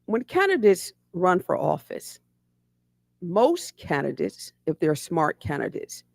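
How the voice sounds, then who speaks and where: A woman hosting a podcast, asking formal, deliberate interview questions. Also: on the low side, vocal fry, no room sound. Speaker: podcast host.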